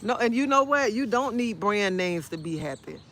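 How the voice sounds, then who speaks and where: A woman, chatting on a phone live stream outdoors in a park. She talks in an outspoken, animated way and answers viewer comments as she goes. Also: medium pitch, moderate pace, a little hiss or hum. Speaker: livestreamer. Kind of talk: casual live-stream chat.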